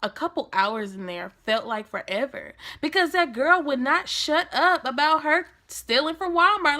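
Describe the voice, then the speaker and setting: A young woman tells a story from her own life in a lively vlog, slangy and casual. Her voice is bright and sharp with plenty of gravelly fry. She acts out the lines she quotes as she goes. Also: high voice, moderate pace, hardly any pauses. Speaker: vlogger.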